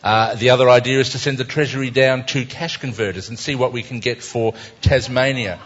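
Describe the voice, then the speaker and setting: A man's voice: medium pitch, steady tone, brisk, husky. Wry Australian man on a dull recording. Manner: wry, chatty, self-mocking. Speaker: cartoonist presenting his cartoons. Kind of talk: casual live talk to an audience.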